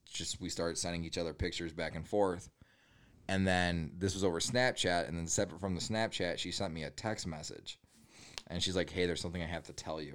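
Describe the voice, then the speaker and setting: A man's voice: low voice, a bit bright, clean tone. A man telling a crude personal story in casual comedy podcast chat, laughing often.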